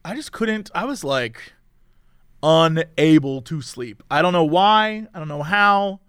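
Close-miked and dry, this man speaks high and with a lot of swing in his pitch. He tells his story casually and animatedly, mimicking the voices of the people in it. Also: animated, a little slow, fairly bright tone, clear, resonant tone, no echo. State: tired from no sleep. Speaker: podcast co-host.

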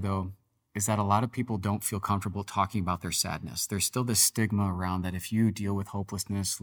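A man preaching a devotional sermon on a podcast, talking earnestly and conversationally, sometimes reading with dramatic emphasis. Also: on the low side. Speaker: pastor.

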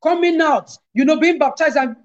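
A middle-aged woman, a guest on a video call, telling lively personal stories and quoting scripture. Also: sits high, brisk, highs cut off. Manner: animated storyteller, quotes scripture. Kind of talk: casual interview, personal testimony.

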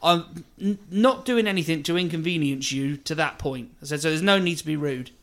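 A man's voice: on the high side, brisk. A man, a podcast co-host, telling a sweary road story in casual chat and acting out both sides of the argument. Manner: swearing anecdote teller, acts out both sides of a row.

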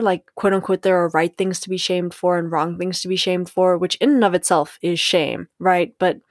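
A young adult woman hosts a solo podcast, speaking reflectively and candidly, laughing often and acting out the voices in her head. Her voice is on the low side. The recording is dry, with clean studio sound.

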